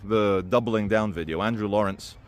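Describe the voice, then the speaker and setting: A man talking through his opinions in a casual, animated monologue to camera. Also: fairly low pitch, moderate pace. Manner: conversational and animated, with quoted impressions. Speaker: video commentator.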